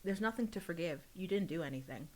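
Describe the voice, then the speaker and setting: A woman's voice: on the low side, animated, quick pace, poor audio. A woman voicing a blunt, teasing teenage girl. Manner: teasing, sharp retorts. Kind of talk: reading fiction aloud on a livestream.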